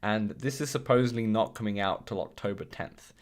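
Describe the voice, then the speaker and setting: A man hosts a casual podcast livestream from his home setup, talking into a desk mic on a video call. His voice sits on the low side, and he rambles with plenty of ums and restarts. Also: brisk. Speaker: podcast host.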